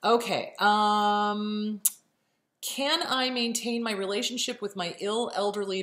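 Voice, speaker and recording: A woman's voice: on the low side, a bit bright, reverberant. A woman hosting a talk show and answering viewer questions about healing. She speaks emphatically, repeats key phrases, acts out inner voices and swears casually. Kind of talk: casual advice monologue.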